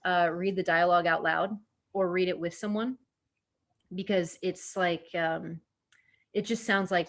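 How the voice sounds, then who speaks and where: A woman from Indiana who works as an actor, answering interview questions in a relaxed, rambling way full of fillers. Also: fairly low pitch, a little slow. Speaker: actor, podcast guest.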